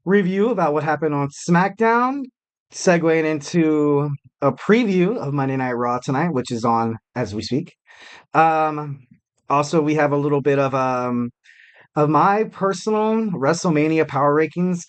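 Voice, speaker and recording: A man hosts a wrestling podcast in a loose, chatty way. His voice sits a bit high for a man. He rambles with fillers and restarts and pokes fun at himself. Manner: chatty, many fillers and restarts, jokey self-mockery. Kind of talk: casual podcast commentary.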